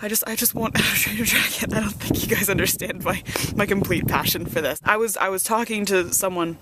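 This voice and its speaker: Rambling, excitable young woman outdoors. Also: medium pitch, fairly quick, very noisy. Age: young adult. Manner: excitable, rambling, many fillers. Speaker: vlogger. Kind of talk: casual chat. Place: outdoors on a windy hilltop.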